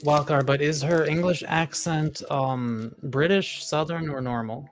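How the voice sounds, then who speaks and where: A co-player chatting casually during a game stream, asking quick, curious questions that often trail off. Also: mid-range voice, steady tone, a little hiss or hum. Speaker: co-player and chat partner. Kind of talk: casual chat while gaming.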